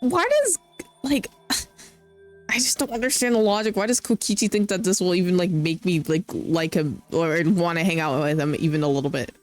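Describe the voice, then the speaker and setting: A woman's voice: fairly low pitch, fairly quick. Young woman streamer, gets emotional, talks back at the game characters, faint music behind. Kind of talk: live game commentary.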